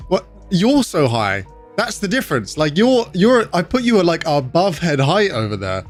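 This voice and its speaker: A young British man with a slightly high voice, upbeat and chatty as he hosts a livestream from his bedroom. He greets viewers one by one in a relaxed, joking tone, with soft music playing faintly behind him. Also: normal speed. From United Kingdom. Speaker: streamer. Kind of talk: casual livestream chat. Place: bedroom streaming setup.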